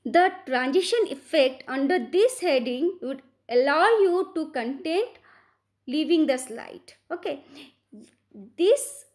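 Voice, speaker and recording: With an Indian English accent and a high pitch, this woman teaches from slides at a patient pace. Repetition is part of her style, as are frequent "right?" check-ins with the class.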